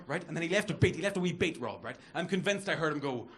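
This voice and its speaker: A man's voice: high voice, animated, very fast, few pauses. A man doing a chatty stand-up set, addressing the crowd with camp asides. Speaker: stand-up comedian. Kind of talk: stand-up routine. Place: comedy club with live audience. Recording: live club set, loud crowd laughter.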